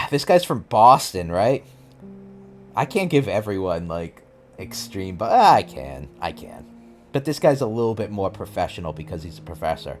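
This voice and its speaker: A man's voice: deep voice, very animated, moderate pace. A man streaming a visual novel, chatting and joking in a rambling way between lines. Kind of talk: live game commentary, reading a visual novel. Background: game music.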